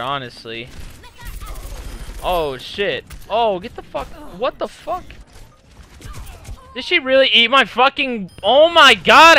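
A young man with a fairly high, sharp voice gives gameplay commentary for his gaming channel. He curses constantly and is quick to rage, breaking into angry, frustrated outbursts.

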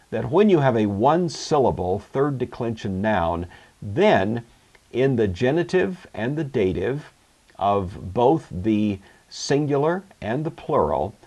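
A man teaching a recorded Greek grammar lecture, measured and explanatory, with occasional fillers. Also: on the low side, a little mellow.

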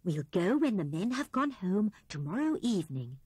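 A woman's voice: mid-range voice, sing-song, normal speed, slightly rough, no echo. A woman voicing a cheerful, kindly little female rabbit in a children's storybook, speaking eagerly. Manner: eager and bright.

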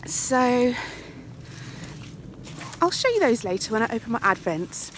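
A very animated, fast-talking Englishwoman with a fairly bright, higher voice hosts a casual vlog, phone held at arm's length, with a faint hiss or hum in the audio. Breathless, she chats freely on an outdoor walk and later indoors, frequently lowering her voice to a whisper.

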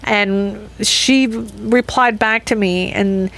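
A woman's voice: mid-range voice, steady tone, slow, vocal fry, fairly bright tone. A middle-aged woman hosting a podcast, talking through a personal reflective monologue in a rambling, self-interrupting way with frequent laughs. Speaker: podcast host.

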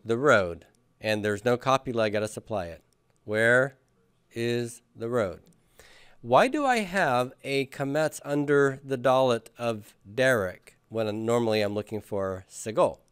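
A man's voice: mid-range voice, animated, a little slow, a bit bright, clear, resonant tone, dry recording. A man teaching a class, patiently drilling students and having them repeat after him. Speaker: Hebrew grammar teacher. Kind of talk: classroom lecture with questions.

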